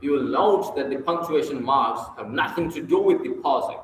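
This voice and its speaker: Male reader, slightly high voice, measured pacing, roomy sound with faint hum. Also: expressive. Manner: slow, deliberate reading with long pauses, occasional slips. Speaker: reader of a public speaking book. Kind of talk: reading a book aloud with recited verse.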